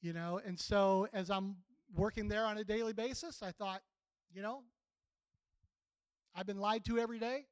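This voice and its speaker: A man's voice: high voice, fairly even intonation, moderate pace, long pauses, smooth, no echo, low-quality recording. A man in his sixties preaching a sermon in a folksy, plainspoken, conversational way.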